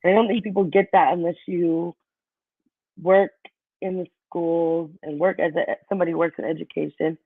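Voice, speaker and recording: Gravelly-voiced woman teacher on a call. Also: on the low side, moderate pace, dry recording. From Kansas City area, US. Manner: animated storyteller, acts out students' voices, laughs often. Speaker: middle school English teacher, guest. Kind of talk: casual interview chat. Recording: tinny phone-like call audio.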